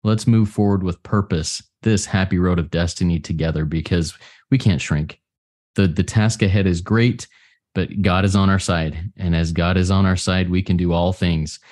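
Deep-voiced earnest man podcast host. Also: fairly even intonation, normal speed, a little mellow. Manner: earnest, encouraging, rallying. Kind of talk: casual recovery podcast chat.

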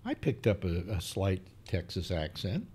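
A man's voice: sits low, measured pace, slightly rough. An older man, the show's host, chatting casually and telling rambling stories with lots of fillers. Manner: rambling, animated storytelling with many fillers. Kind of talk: casual chat.

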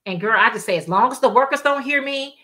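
Bright-voiced chatty woman livestream host. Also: a little high, lively intonation, fast. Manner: chatty storytelling, reads viewer comments aloud, colloquial. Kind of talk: casual livestream chat.

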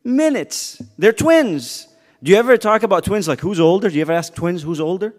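Brief: man, youth Bible teacher, lively swooping pitch, playful and quizzing, slightly high voice, church hall reverb. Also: fairly quick. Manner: animated, joking, quizzes the kids. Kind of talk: casual youth Bible lesson.

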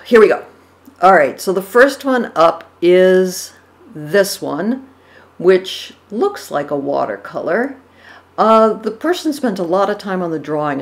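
A woman's voice: deep voice, expressive, unhurried. A woman giving casual reaction commentary on portrait paintings, thoughtful, with fillers and self-corrections. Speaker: art commentator. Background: dogs barking.

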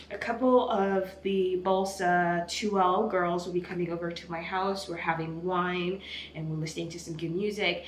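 A woman's voice: fairly low pitch, fairly even intonation, moderate pace, a little hiss or hum. A woman in her twenties, teary from crying, talking candidly and rambling in a self-mocking way to her vlog camera. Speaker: vlogger. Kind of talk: casual vlog talk to camera. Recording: echoey room.

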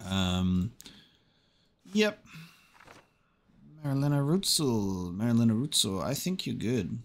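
A man's voice: medium pitch, big pitch swings, takes it slowly. A young man giving casual let's-play commentary, muttering to himself as he checks details and swearing now and then. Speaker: gaming video creator.

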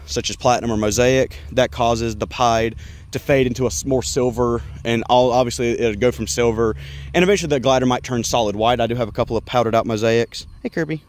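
A fast-talking man with a medium-pitched voice is an exotic pet breeder vlogging as he walks around animal enclosures, outdoors in a yard with pens and partly indoors at reptile tanks. He rambles casually and chats to the animals, with slight background noise.

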